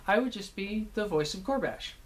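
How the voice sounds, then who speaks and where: A man, a voice actor, casually recalling his work, rambling with many pauses and restarts. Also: high-pitched, expressive, a little hiss or hum. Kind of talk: casual anecdotal talk.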